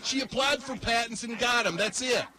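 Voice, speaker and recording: A man's voice: very high voice, moderate pace. A man arguing the conservative side in a heated political debate, combative and talking over others.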